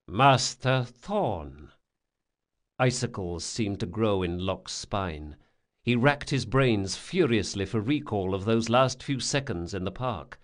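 A man reading an audiobook in a dramatic, expressive way. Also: medium pitch. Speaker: audiobook narrator. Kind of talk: scripted audiobook narration.

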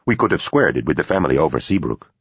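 A man's voice: extremely low pitch, sing-song, fast talker, slightly rough, no echo, heavily acted. A man playing an insistent, pushy financier in an audiobook. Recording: dull, dry.

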